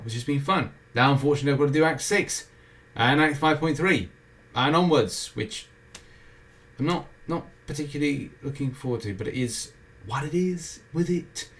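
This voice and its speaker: Fairly high-pitched and fairly quick, a British man who hosts a gaming show gives a casual, rambling rundown of a game's weekly schedule. He often interrupts himself with self-mocking jokes.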